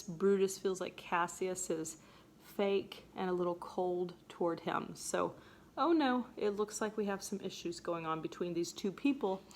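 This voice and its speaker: A woman's voice: lowish voice, slight background noise. A woman teacher casually explaining a play scene, chatty and playful, acting out lines in voices. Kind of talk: casual literature lesson.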